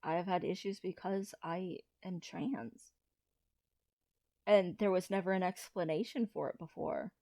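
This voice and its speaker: A trans man in his thirties, talking through a personal confessional vlog in a low-key, hesitant way with frequent restarts. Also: creaky, a little mellow, no room sound. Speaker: vlogger.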